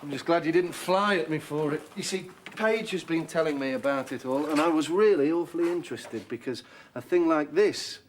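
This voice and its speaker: An actor playing a naive young gentleman who talks in an earnest, well-mannered and awkwardly polite way. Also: fairly high pitch, brisk, few pauses, a little hiss or hum, close to an everyday voice. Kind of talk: 1990s television drama acting.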